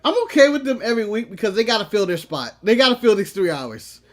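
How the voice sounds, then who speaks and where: A man's voice: high voice, sing-song, fast, a bit bright. A man co-hosting a wrestling podcast in casual chat. He laughs often and tells stories with acted-out quotes.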